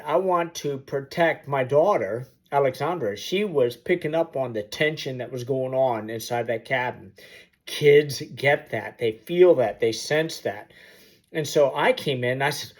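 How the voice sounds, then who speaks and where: A mid-range voice, a little slow, belongs to a motivational storyteller recounting a personal anecdote straight to the camera. His vivid telling leans on sound effects to inspire listeners.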